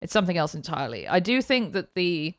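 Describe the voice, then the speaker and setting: British woman co-host, lower register, smooth and clear, lively storyteller in casual chat. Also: fast talker, dry recording, studio quality. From Britain. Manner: chatty, animated storytelling. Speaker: podcast co-host.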